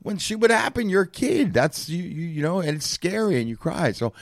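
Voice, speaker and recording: A man's voice: high voice, sing-song, a little fast, gravelly, dry recording, clean studio sound. A man co-hosting a podcast who talks candidly, swears freely and restarts his sentences. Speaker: podcast co-host. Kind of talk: candid conversational talk.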